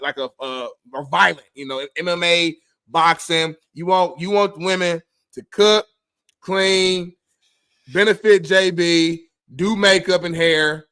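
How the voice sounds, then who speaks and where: Chill slangy sports co-host, kinda high voice, dry close mic. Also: male voice, sharp tone, dry recording. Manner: laid-back, slangy banter. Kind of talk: live sports talk show.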